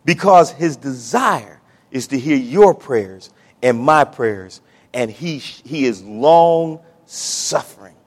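A male pastor preaching a sermon, with dramatic swings from hushed, drawn-out lines to loud exclamations. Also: medium pitch, lively intonation.

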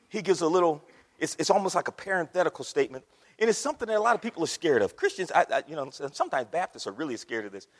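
A man preaching a sermon with fervour, calling out to his congregation and swinging from hushed to loud. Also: fairly high pitch, husky, in a large hall. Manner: calls out to the congregation. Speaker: pastor.

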